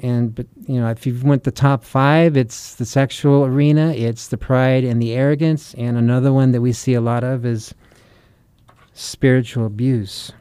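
Earnest man preaching, warm smooth voice. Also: mid-range voice, steady tone, moderate pace, no room sound. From United States. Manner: earnest and urgent, rhetorical questions. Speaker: Christian author and preacher. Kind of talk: sermon-style teaching.

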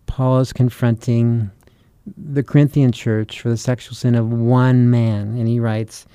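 Earnest man preaching, warm smooth voice. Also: mid-range voice, level tone, unhurried, no room sound, clean studio sound. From United States. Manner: earnest and urgent, rhetorical questions. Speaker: Christian author and preacher. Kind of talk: sermon-style teaching.

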